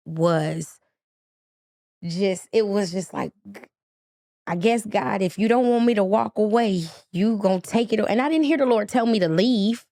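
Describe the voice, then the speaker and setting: A woman's voice: mid-range voice, no echo, clean studio sound. A woman, a podcast guest, telling her personal story with feeling and acting out the dialogue. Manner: animated, acts out quoted dialogue.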